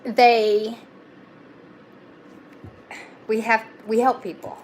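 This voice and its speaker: A young woman talks through a tarot reading in a loose, chatty way, full of fillers and gentle reassurance. Her voice sits a little on the high side. A faint background hiss runs under her. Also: little pitch movement, a little slow. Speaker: tarot reader. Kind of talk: casual live tarot reading.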